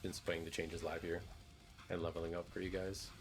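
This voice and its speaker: A male streamer talks over his gameplay in a slightly low voice. He is laid-back and jokey, swearing casually as he goes. Soft game music plays quietly behind him. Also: level tone, brisk. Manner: laid-back, joking, profane.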